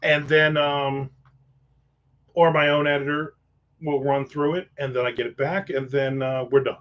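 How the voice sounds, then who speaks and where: A man's voice: a little high, fairly even intonation, normal speed. A man hosting a casual livestream chat, rambling with profane jokes and asides. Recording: dull lo-fi sound.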